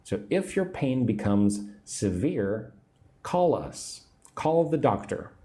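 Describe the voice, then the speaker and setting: An American man in his forties teaching English on a livestream, slowly repeating phrases and drilling pronunciation. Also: medium pitch, very animated, dark tone. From United States. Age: 40s. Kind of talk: livestream English lesson, reading viewer comments.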